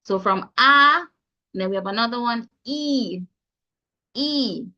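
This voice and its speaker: Over dull, lo-fi call audio, a woman with a Jamaican accent leads an online pronunciation lesson, spelling out sounds carefully and offering encouragement. Her voice is a little high and sharp, animated yet slow.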